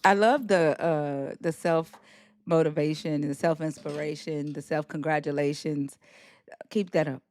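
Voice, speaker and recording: A woman's voice: sits low, fairly even intonation, unhurried, a little mellow, no room sound, clean studio sound. A woman hosting a casual live stream chat, slangy and profane, laughing often. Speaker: host of a live stream discussion.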